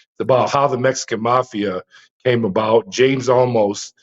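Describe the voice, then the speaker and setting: Animated storytelling man, slightly muffled. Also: medium pitch, normal speed. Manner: frequent fillers and restarts, dramatic retelling. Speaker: interview guest, former prison officer.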